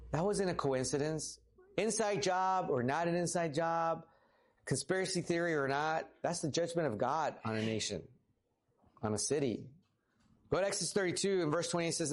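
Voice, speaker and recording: A man in his thirties preaching a casual sermon as pastor, lively and talkative, rising for emphasis. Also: moderate pace. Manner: casual, animated, rises in pitch for emphasis. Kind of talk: conversational sermon.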